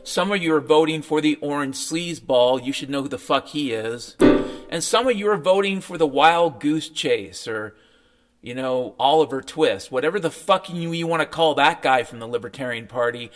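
A man's voice: fairly high pitch, normal speed, a bit bright. A man ranting in a sardonic, profane monologue as a podcast host, mocking what others tell him. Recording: faint piano music behind.

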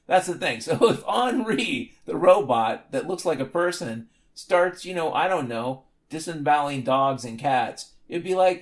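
A man's voice: fairly high pitch, lively intonation, normal speed, hardly any pauses. A man hosting a solo podcast, talking in a rambling, sardonic and profane way. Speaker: podcast host.

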